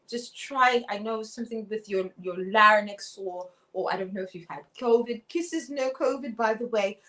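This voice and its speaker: A woman hosting an online chat room in a satirical, over-the-top manner, with theatrical drawn-out emphasis. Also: on the high side, pushed and bright, rough recording. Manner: theatrical, breathy drawn-out emphasis, swooping intonation.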